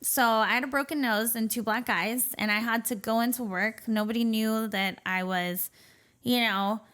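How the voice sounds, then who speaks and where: A clear, resonant, slightly bright woman's voice, pitched on the high side with fairly even intonation and a moderate pace. She's from the Portland area of Oregon and appears as a podcast guest, candidly recounting her life story in a conversational way, full of fillers like "you know" and "um" and short, light nervous laughs.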